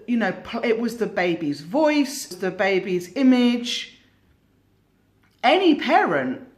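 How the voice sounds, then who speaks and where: Slow, musing woman telling a story. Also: fairly high pitch. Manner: unhurried, musing, with hesitant restarts. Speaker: tarot channel host. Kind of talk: casual storytelling.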